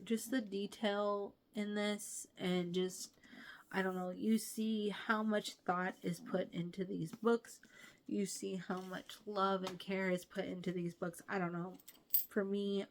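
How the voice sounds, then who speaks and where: A woman's voice: mid-range voice, flat delivery, measured pace. A young woman hosting a casual book review vlog, gushing and chatty with many fillers.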